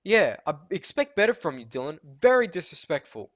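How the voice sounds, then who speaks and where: A teenage boy putting on the voice of a strict, nagging female schoolteacher who scolds in a shrill, raised voice. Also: very animated, fairly quick, a bit bright. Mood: scolding.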